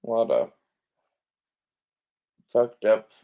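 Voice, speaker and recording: A man with a low voice full of gravelly fry drifts through casual commentary. He sounds sleepy and unhurried, swears freely and trails off into fillers as he browses. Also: big pitch swings, phone-quality sound. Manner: laid-back, swears often, trails off with fillers. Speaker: gun vlogger browsing listings.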